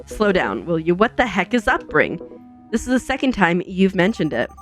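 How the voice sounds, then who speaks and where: A woman's voice: on the low side, sing-song, moderate pace, soft background music. A woman voicing a curious young man who travels by portal as she reads game dialogue aloud, speaking in a wry, slightly sarcastic way.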